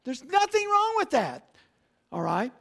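A pastor preaching a sermon, asking rhetorical questions and repeating key lines. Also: male voice, very high-pitched, huge pitch swings, measured pace, gravelly, a bit bright.

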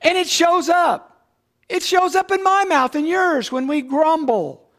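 A man preaching a sermon, emphatic and repetitive, slowing down to stress key words. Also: extremely high pitch, a bit bright. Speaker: pastor.

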